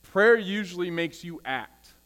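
A man, the senior pastor, preaching a casual, energetic sermon and trading call-and-response with his congregation. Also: high-pitched, unhurried. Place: church sanctuary. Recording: long hall reverb with mains hum.

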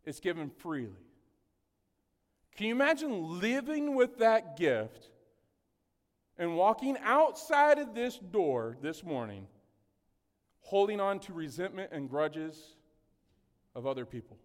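Man, pastor, conversational sermon, humorous asides, slightly higher voice, long hall reverb. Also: sing-song, takes it slowly, pauses often. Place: church sanctuary.

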